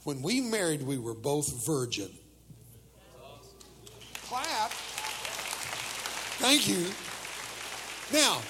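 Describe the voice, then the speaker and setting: A man's voice: on the high side, wildly swooping pitch, drawn-out words, long pauses, in a large hall, a crowd in the background, background noise. An older man preaching a humorous sermon to teenagers, telling jokes and acting out the voices of people in his stories.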